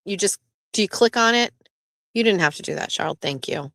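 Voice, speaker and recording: A woman's voice: medium pitch, animated, brisk, creaky, a bit bright, dry recording. A woman hosting a casual live stream, chatting loosely, swearing freely and reading viewer messages aloud. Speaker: livestream host.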